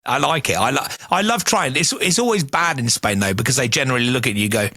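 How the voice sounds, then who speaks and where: A man's voice: mid-range voice, lively intonation, quick pace, bright, forceful tone, no room sound. A man who works as a radio presenter, chatting in a friendly, self-deprecating way on a podcast. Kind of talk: casual chat.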